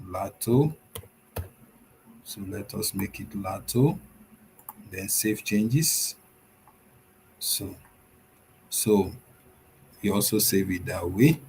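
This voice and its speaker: A man's voice: lowish voice, very slow, long pauses, a little mellow, slight background noise. A man teaching web design in a screen-share tutorial, walking through the steps one by one, repeating himself and using many fillers.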